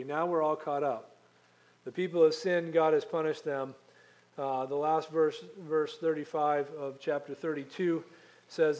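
A man's voice: fairly high pitch, a little mellow. A man preaching a conversational Bible-teaching sermon, walking through scripture with frequent ums and restarts. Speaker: pastor.

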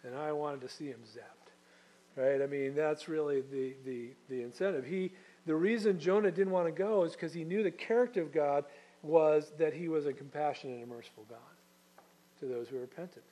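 Male pastor, somewhat high voice, chatty storytelling sermon. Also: a little fast, mellow, rough recording. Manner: conversational storytelling, frequent restarts and asides.

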